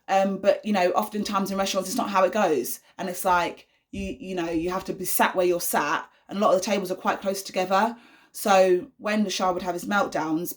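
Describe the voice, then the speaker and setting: A young woman in a casual vlog, chatting straight to camera about everyday life as a mum. Her voice sits a little low, and she talks in an earnest, reassuring way. She leans on plenty of ums and you-knows. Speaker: vlogger, mother of an autistic son.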